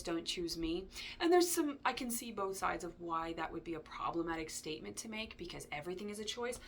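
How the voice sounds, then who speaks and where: A woman's voice: medium pitch, fairly bright tone, slight background noise. A woman giving a casual tarot reading, chatty and digressive, with frequent ums and asides. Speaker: tarot reader.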